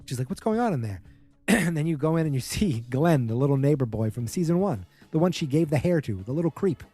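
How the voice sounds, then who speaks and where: A man's voice: a little high, warm tone. A man hosting a podcast, casually recapping a TV episode in a chatty, wry way and mimicking the characters' lines. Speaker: podcast host.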